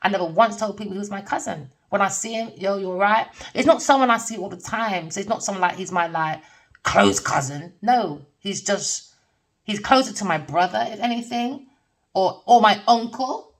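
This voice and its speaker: A woman's voice: mid-range voice, moderate pace. A middle-aged woman giving a rambling spiritual tarot reading, blunt and swearing freely, often breaking into laughter. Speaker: tarot reader. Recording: voice distant from the mic.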